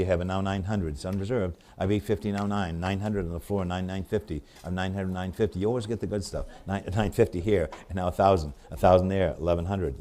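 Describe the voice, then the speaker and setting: A man with a low, dark voice and a New England accent calls a live auction, firing off bids in quick, repetitive runs before easing into friendly comments about each piece. Throughout, his tone stays mellow and relaxed.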